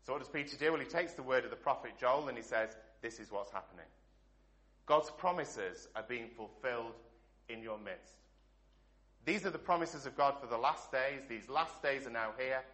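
Bright-voiced English pastor preaching. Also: male voice, medium pitch, lively intonation, moderate pace. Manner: earnest preaching with rhetorical questions and dropping endings. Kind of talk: sermon.

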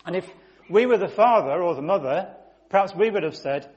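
A man's voice: high-pitched, expressive, a little fast. Male preacher telling a vivid story. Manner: vivid, emphatic storytelling with sudden loud rises. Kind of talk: sermon storytelling.

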